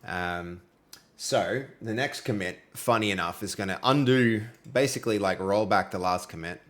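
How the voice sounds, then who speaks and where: During a coding livestream, a young Australian man talks casually to his audience, reading incoming viewer messages aloud in friendly, loose speech full of fillers. His voice is fairly low-pitched and a bit bright, at a moderate pace.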